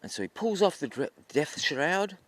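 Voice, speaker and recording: A man telling a folk tale in a relaxed, chatty way. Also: a little high, normal speed, no room sound. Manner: relaxed, chatty, with fillers and restarts. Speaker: storyteller.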